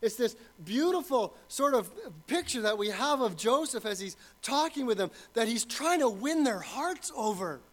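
A man's voice: very high-pitched, expressive, normal speed, few pauses. A man preaching a sermon as pastor, earnest and building to fervent emphasis.

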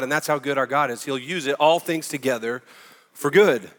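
A man preaching a sermon with passion, swinging from loud emphasis down to hushed, intimate words. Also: medium pitch, normal speed, in a large hall. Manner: impassioned preaching, drops to a near-whisper on key words. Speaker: pastor.

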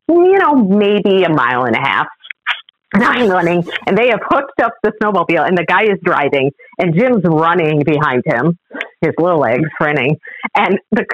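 Female guest, animated storyteller with a very expressive pitch, recorded dry and slightly dull. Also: dry recording. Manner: lively, animated storyteller who acts out the other people's lines. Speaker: podcast guest. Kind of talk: storytelling in a casual interview.

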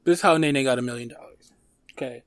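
A man's voice: mid-range voice, fast, crowd noise. A man in his thirties from Detroit, telling rambling stories in casual chat with lots of fillers. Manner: animated storytelling, lots of fillers.

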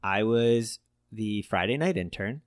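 Animated male comedian telling stories. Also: on the low side, unhurried, dry recording, studio quality. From Philadelphia, US. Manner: animated storyteller, acts out quotes. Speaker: comedian guest. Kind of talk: casual podcast chat.

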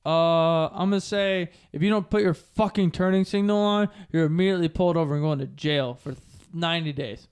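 A man's voice: on the high side, a little fast, hardly any pauses, a little mellow, clear, resonant tone. A young man co-hosting a podcast, chatting casually and telling profane, rambling stories. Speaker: podcast co-host.

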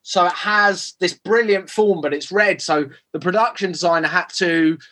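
A man's voice: sits high, moderate pace, sharp tone. A man, a film director, answering interview questions casually with many fillers and restarts.

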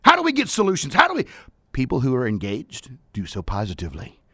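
A man hosting a radio talk show, talking about work with fired-up energy, playful asides and bursts of shouting into the studio microphone. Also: medium pitch, huge pitch swings, fast, breathy edge, no room sound.

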